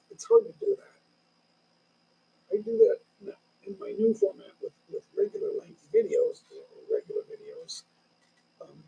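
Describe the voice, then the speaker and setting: A man's voice: high voice, creaky, dark tone, breathy edge, rough recording. A man in his sixties hosting a casual live stream from home, rambling loosely through stories with many restarts. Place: home in the Philippines.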